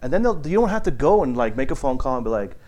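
A man with a mid-range, somewhat dark voice talks fast and very animatedly while giving a casual meditation teaching to a group. He rambles, restarts often, uses lots of fillers, and acts out the people he quotes.

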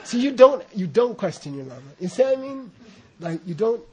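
An American man giving an informal Buddhist teaching, rambling and animated, often laughing and saying "you know". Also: high-pitched, brisk, husky. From United States. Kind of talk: informal dharma talk.

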